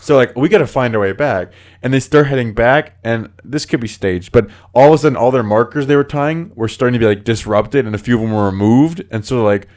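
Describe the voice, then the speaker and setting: A man's voice: medium pitch, darkish tone. A man hosting a podcast, telling spooky stories in casual chat, acting out the voices of people in them and using lots of filler words. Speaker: podcast host.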